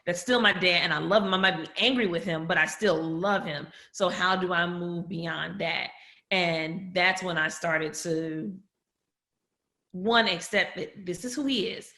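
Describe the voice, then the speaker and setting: A woman's voice: lowish voice, a little slow, sharp tone, roomy sound. A woman guest on a podcast, telling a personal family story candidly and with feeling, often quoting people in her own voice. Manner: candid, emotional, quotes others in her own voice.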